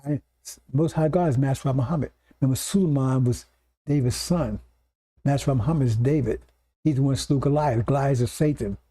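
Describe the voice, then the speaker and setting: Dark-voiced man preaching to brothers and sisters. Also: medium pitch, a little fast. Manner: explanatory, keeps checking in with "see?" and "right?". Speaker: preacher teaching scripture. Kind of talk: sermon lecture to congregation.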